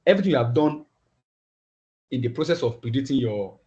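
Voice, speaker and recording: A man teaching a class online, talking in halting phrases and often repeating words as he thinks aloud. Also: mid-range voice, lively intonation, darkish tone. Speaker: instructor. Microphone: video call. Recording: dull lo-fi video call audio.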